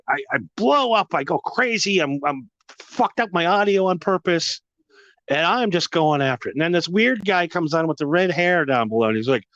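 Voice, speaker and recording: Profane ranting man, high voice. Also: fairly bright tone, no echo, lo-fi sound. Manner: profane, emphatic, repetitive ranting. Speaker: podcast host.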